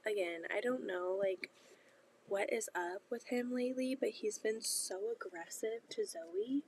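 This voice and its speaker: A woman's voice: mid-range voice, a little slow, a little hiss or hum. A woman in her thirties with a cold and a nasal voice, chatting casually and half-whispering as she sews at home. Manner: talks softly, often half-whispering. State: congested with a cold. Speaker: vlogger. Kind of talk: casual chat while sewing. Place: home sewing room, indoors.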